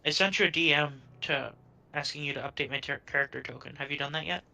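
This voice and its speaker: Gravelly bright-voiced guy, unsure, kinda far from the mic. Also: on the high side, fast talker. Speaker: player. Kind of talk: casual chat.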